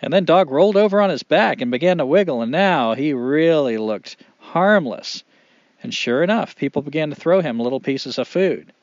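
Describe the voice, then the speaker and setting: Male storyteller, animated and expressive, dry slightly muffled sound. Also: on the high side, no echo. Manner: animated, expressive, with dramatic pauses. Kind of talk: oral storytelling.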